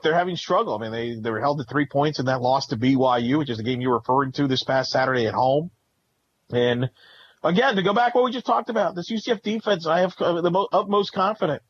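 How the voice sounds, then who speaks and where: A man co-hosting a sports talk podcast, lively and upbeat, often restarting sentences. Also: mid-range voice, slightly rough, muffled recording. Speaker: podcast co-host.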